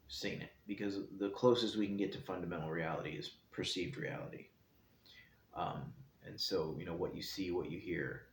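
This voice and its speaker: A man hosting his own show, giving a calm, meandering explanation while seated indoors. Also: low-pitched. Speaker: host. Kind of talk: casual reflective talk. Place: indoor room, seated in a chair. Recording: echoey room, faint background hiss.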